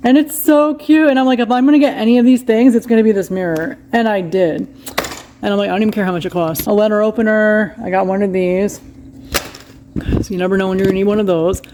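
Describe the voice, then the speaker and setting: A woman vlogger chats casually at home while unboxing her shopping haul, talking fast against a noisy background. Her voice is mid-range with fairly even intonation; she is chatty and lets out a dramatic wail over a broken cup.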